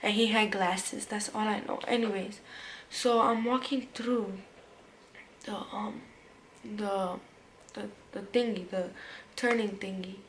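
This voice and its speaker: A woman's voice: medium pitch, fairly even intonation, slow pace, long pauses, a little hiss or hum, low-quality recording. A young woman telling a personal story on her vlog in casual, slangy talk, full of fillers and restarts, sometimes dropping to a whisper. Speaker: vlogger.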